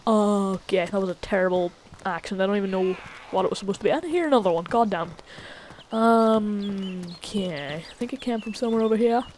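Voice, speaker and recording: A woman's voice: mid-range voice, fairly quick, a little mellow, slight background noise. A woman casually commenting on her own gameplay as a gaming channel host, chatty and easily startled. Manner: jumpy, swears when startled, chatty. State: recently sick.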